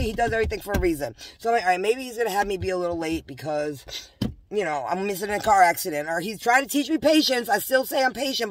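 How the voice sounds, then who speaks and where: A woman rambling through a fervent personal vlog monologue, talking straight to her viewers, swinging between hushed asides and loud outbursts. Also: on the high side, dry recording. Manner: talks straight to viewers, addressing them as y'all; scattered and self-interrupting, losing and picking up her thread. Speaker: vlogger.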